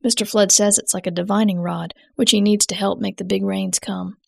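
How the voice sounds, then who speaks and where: A woman's voice: mid-range voice, steady tone, fairly quick, creaky, slightly rough, no echo, clean studio sound. A woman giving a scripted first-person narration of a story, with a wry, matter-of-fact manner.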